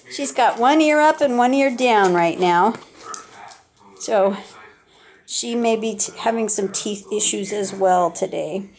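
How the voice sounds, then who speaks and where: A woman's voice: fairly high pitch, unhurried, darkish tone. An older woman at home, filming her puppies and chatting in a playful sing-song baby-talk voice. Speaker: puppy owner filming her dogs. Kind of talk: casual home video chat. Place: indoor room at home with puppies.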